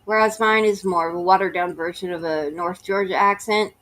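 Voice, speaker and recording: A woman's voice: lowish voice, fairly even intonation, fairly quick, fairly bright tone. A woman with a slight Southern US accent, reading emails aloud and breaking in with blunt, mocking asides. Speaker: YouTuber reading letters aloud. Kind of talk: reading emails with sarcastic commentary.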